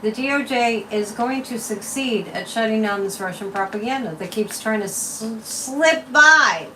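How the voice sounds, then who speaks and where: A woman with a slightly high voice hosts a psychic livestream, chatting casually and opinionatedly as she reads comments and pulls cards. She sits a bit back from the mic, and a faint hum of room noise sits under her voice. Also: normal speed, far from the mic, low-quality recording. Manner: chatty, opinionated, lively swings in pitch and loudness.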